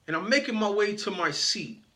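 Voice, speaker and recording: High-voiced man telling a motivational story. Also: expressive, brisk, pushed and bright. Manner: playful, greets audience members by name. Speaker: motivational speaker. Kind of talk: storytelling speech to an audience.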